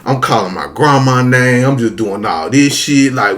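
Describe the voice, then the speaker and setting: A man's voice: medium pitch, moderate pace, few pauses. A man telling a story casually and with lots of profanity, talking straight to his audience. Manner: animated, profane, addresses the audience as y'all.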